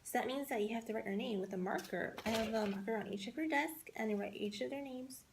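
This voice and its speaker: A woman's voice: on the high side, quick pace, noisy background. A woman from Southern California teaching a class in a chatty way, with many fillers.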